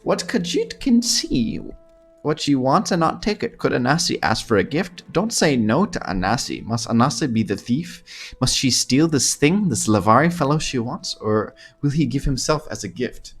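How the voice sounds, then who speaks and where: A man's voice: mid-range voice, sing-song, takes it slowly, few pauses, a bit bright, soft background music, full character voice. A man voicing a coy, scheming female cat-folk thief who speaks of herself in the third person, coaxing and purring as he reads game dialogue aloud. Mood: wheedling.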